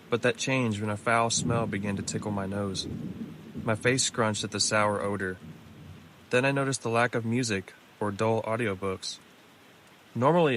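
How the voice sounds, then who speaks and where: A man reading scripted horror stories aloud in a measured, low-key way. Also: noisy background. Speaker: narrator. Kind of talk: scripted horror story narration. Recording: music clearly behind the voice.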